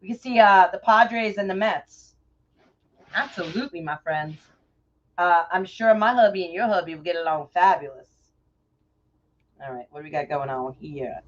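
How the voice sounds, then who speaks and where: A middle-aged woman from New York with a New York accent, chatting warmly and effusively with viewers by name while crafting on a livestream. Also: lowish voice, normal speed, pauses often. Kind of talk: casual livestream chat while crafting bows. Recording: dull lo-fi livestream audio.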